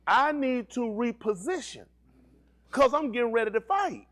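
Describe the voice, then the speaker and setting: Male pastor, sermon, animated call-and-response, sweeping pitch. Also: moderate pace. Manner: animated preaching with call-and-response questions and slang.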